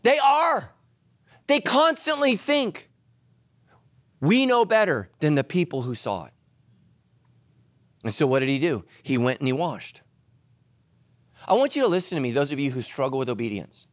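Animated, high-voiced male preacher. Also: moderate pace, pauses often, no echo. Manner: animated, humorous storytelling that swings between loud emphasis and hushed asides. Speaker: pastor. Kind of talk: sermon.

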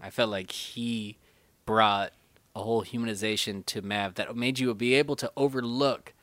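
Bright, crisp-voiced man in casual film chat. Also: on the low side, no room sound. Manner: animated, acts out movie scenes in quick impressions. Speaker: podcast co-host.

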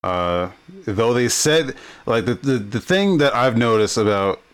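A man co-hosting a casual podcast, blunt and quick to swear, often stammering on repeated words as he gets heated. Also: mid-range voice, expressive, smooth. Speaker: podcast co-host.

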